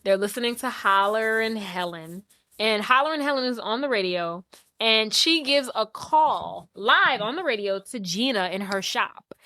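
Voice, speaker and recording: Woman podcast host retelling a movie, acts out the lines, bright voice, dry mic. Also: on the high side, normal speed, no room sound. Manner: animated, acts out lines from the film. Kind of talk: casual movie recap chat.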